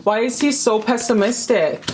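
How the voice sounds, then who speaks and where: A woman's voice: fairly high pitch, expressive, normal speed, a little mellow, a little hiss or hum. A young woman giving a casual tarot reading to camera, chatty and emphatic, swearing freely and repeating phrases. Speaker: tarot reader.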